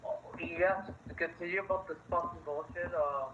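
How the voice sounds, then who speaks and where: A man's voice: fairly high pitch, steady tone, normal speed. A man joining a voice chat as a guest, talking in a laid-back way. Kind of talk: casual chat over voice call. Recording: dull lo-fi voice chat with faint hiss.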